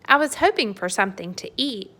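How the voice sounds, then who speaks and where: A woman's voice: a little high, lively intonation, brisk, sharp tone. A woman voicing a cheeky, hungry young boy in a storybook read-aloud.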